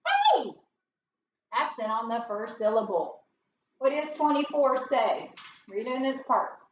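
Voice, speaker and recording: A middle-aged woman teaches first grade phonics, spelling out each step in a patient, unhurried way. Her voice sits high, and she sounds distant, with room echo and a dull tone. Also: a little hiss or hum. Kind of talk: phonics lesson. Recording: roomy, distant, dull home recording.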